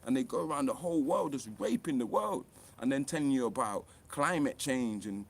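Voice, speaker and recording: A man speaking straight to camera in a heated, impassioned rant. His delivery is blunt and full of swearing, and his voice keeps rising sharply for emphasis. His pitch sits in an ordinary middle range for a man. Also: lively intonation, brisk, creaky. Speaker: author and online commentator.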